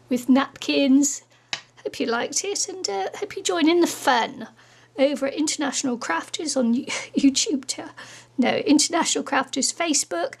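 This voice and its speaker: A woman's voice: high-pitched, vocal fry. A woman chatting casually through a crafting tutorial, laughing often as she works, and losing her voice. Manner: chatty, giggly, talks while working. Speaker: crafting vlogger.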